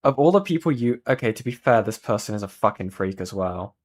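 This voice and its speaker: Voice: mid-range voice, animated, fairly quick, darkish tone. A streamer reacting to a video in casual chat, laughing a lot and swearing freely while keeping their voice down at home at night. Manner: keeps voice down to avoid waking others.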